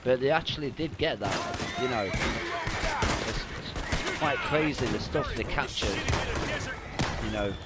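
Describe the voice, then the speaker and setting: A man's voice: medium pitch, wildly swooping pitch, slow pace, long pauses. Rambling young man streaming a game. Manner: rambling, chatty, laughs and swears freely. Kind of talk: casual live-stream commentary. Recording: noisy gameplay audio behind.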